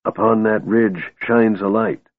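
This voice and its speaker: A man's voice: on the low side, steady tone, measured pace, no echo. A man voicing Raistlin, a cold sardonic mage. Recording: tinny narrow-band recording.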